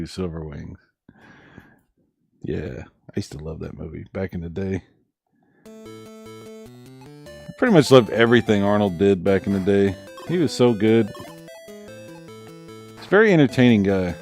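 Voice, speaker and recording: A man's voice: lowish voice, very animated, slow, gravelly, long pauses, darkish tone. A middle-aged man streaming a game in casual chat, laid-back and chuckling at himself. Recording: faint game music behind.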